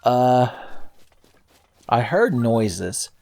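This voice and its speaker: A man's voice: medium pitch, very animated, drawn-out words, creaky, dark tone. A man hosting a let's play, rambling and joking through casual gameplay commentary, swearing freely and laughing often.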